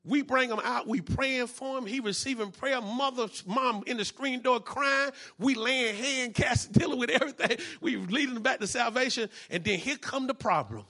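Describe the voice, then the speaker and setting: Male pastor, bright ringing voice, church sermon with testimony, call-and-response delivery. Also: very high voice, normal speed, hardly any pauses. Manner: preaching with call-and-response, building from quiet to loud.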